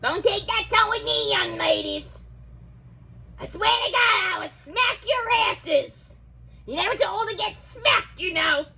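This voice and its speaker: A woman's voice: sits high, moderate pace, vocal fry, few pauses, sharp tone, exaggerated voice. A woman voicing a bossy mother who scolds her grown daughters, switching between threats and pet names. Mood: scolding.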